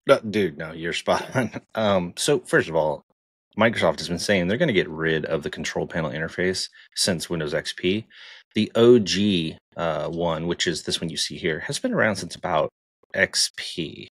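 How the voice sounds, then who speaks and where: A man co-hosting a casual tech podcast, chatty and animated, laughing easily as he talks. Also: low voice, normal speed, dry recording. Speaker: podcast co-host.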